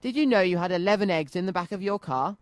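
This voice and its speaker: A man's voice: high voice, fast, clear, resonant tone, no room sound, clean studio sound, close to an everyday voice. A man voicing a polite, genial toy elephant in a children's storybook reading.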